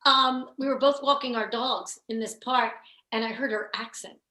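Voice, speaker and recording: A woman's voice: fairly high pitch, fairly even intonation, normal speed, bright, forceful tone. Rambling woman storyteller in a roomy echo. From Philadelphia area. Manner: rambling, many restarts and "you know"s. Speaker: actor and film guest. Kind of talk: casual interview storytelling.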